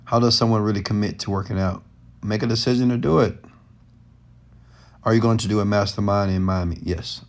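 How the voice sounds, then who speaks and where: A man's voice: fairly low pitch, fairly quick, pauses often. A man hosting a late-night live question-and-answer stream from his bed, talking loosely and passionately and often raising his voice. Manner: loose, rambling, off the cuff. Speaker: entrepreneur and mentor, stream host. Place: lying in bed at home at night.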